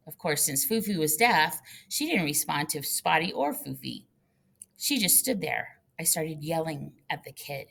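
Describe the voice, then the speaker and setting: Gravelly, low woman's storytelling voice. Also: moderate pace. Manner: lively storytelling. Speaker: audiobook narrator. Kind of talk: first-person audiobook narration.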